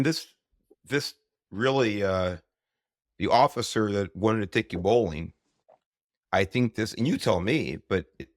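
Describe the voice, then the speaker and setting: Male interview host, very deep gravelly voice, thoughtful, halting. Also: dry recording, clean studio sound. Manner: measured, searching for words. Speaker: podcast host. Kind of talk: interview questions.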